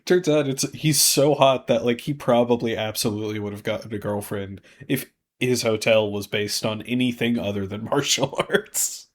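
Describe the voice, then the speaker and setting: A jokey man co-hosts a casual podcast chat. He acts out quoted lines in exaggerated, high-jumping voices, then drops back to his everyday tone. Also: normal speed, hardly any pauses. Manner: jokey, acts out characters' lines with big pitch jumps. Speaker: podcast co-host.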